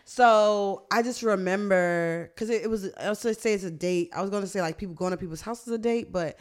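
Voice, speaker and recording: Young woman, podcast host, casual chat, animated and profane storytelling. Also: mid-range voice, a little fast.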